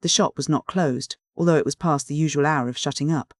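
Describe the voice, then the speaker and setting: A man's voice: on the high side, fairly quick, no room sound. Male audiobook narrator, dry close read. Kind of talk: scripted classic novel narration.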